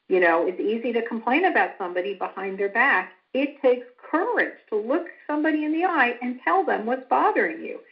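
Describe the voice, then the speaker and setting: A woman psychologist giving a calm, instructive talk who now and then acts out example dialogue. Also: a little fast, hardly any pauses. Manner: calm and instructive, acts out quoted lines with rising pitch. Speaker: psychologist lecturing on family estrangement. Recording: slightly dull lo-fi sound.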